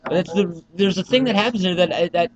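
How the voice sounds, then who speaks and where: A man's voice: high voice, fairly quick, muffled recording, a crowd in the background. A man co-hosting a comics podcast in casual chat, ranting and joking crudely. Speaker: podcast co-host.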